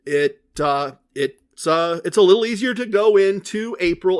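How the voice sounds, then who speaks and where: A man's voice: high voice, expressive, measured pace, hardly any pauses. A middle-aged man hosting a solo podcast, chatty and self-deprecating, correcting himself as he talks. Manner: mock-boastful in a put-on triumphant voice. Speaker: podcast host.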